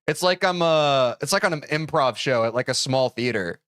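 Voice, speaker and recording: Animated, jokey male streamer. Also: medium pitch, a little slow, no room sound, clean studio sound. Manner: animated, jokey and self-deprecating, reacting to chat. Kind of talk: casual live-stream chat.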